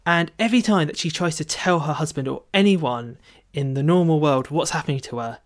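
A man's voice: on the high side, a little fast. A man co-hosting a book podcast, chatting casually and animatedly, with plenty of filler words. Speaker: podcast co-host. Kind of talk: casual chat about a book.

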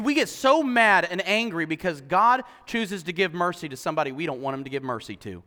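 In an animated sermon, a male pastor fires rhetorical questions at his congregation in a high, bright voice that echoes long through a church hall. He speaks a little fast and barely pauses.

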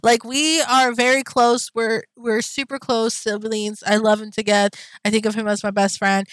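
A woman's voice: fairly high pitch, flat delivery, normal speed, no room sound, poor audio. Rambling slangy young woman vlogger. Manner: rambling, slangy, swears freely. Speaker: anime vlogger. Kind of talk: casual chat.

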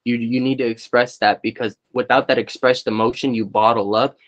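A young man speaks thoughtfully as a podcast guest, giving advice. His pitch is ordinary for a man, and the recording sounds dull and lo-fi. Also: fairly even intonation, fairly quick, a bit bright. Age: young adult. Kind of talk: casual podcast conversation.

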